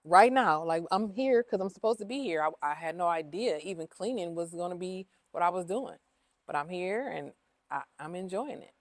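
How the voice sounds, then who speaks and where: A woman's voice: fairly low pitch, lively intonation, normal speed, dry recording. A woman who owns a cleaning business, talking openly in a casual interview, emotional and repeating herself with lots of fillers. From Ohio.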